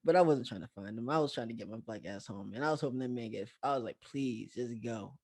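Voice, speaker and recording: A young man casually telling a story to camera, animated, swearing and often laughing. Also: medium pitch, very fast.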